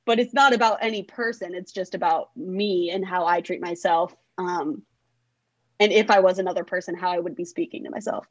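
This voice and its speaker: A woman's voice: fairly low pitch, steady tone, a little fast, no echo, lo-fi sound. A young woman songwriter chatting in an interview, rambling and circling back with lots of filler words. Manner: rambling, filler-heavy with frequent "like". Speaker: songwriter guest. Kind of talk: casual interview chat.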